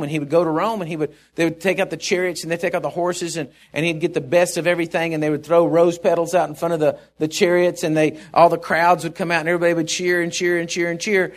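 A middle-aged male pastor preaching a sermon, telling stories in a rambling, chuckling way with many restarts. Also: a little high.

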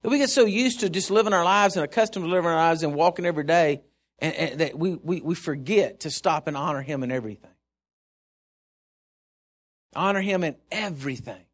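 A man's voice: on the high side, fairly quick. A male preacher giving a sermon in an emphatic, conversational way.

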